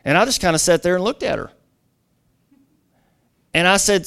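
A man's voice: high-pitched, very animated, a little fast, creaky, pauses often, fairly bright tone. A middle-aged man preaching a sermon as a guest pastor, telling stories conversationally with lots of "you know" asides.

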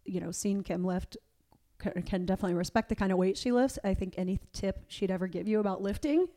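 A woman hosts a casual interview podcast with a mellow, relaxed tone. She tells stories in a chatty, animated way. She acts out what other people said. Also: medium pitch, quick pace. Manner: chatty, animated storytelling with quoted voices. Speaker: podcast host; powerlifting coach and competitor.

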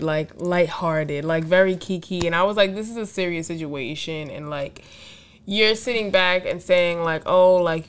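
A woman's voice: on the low side, clean tone. A woman co-hosting a casual chat, telling stories animatedly and acting out other people's lines with a lot of "like". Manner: animated storytelling, acting out quotes, frequent "like".

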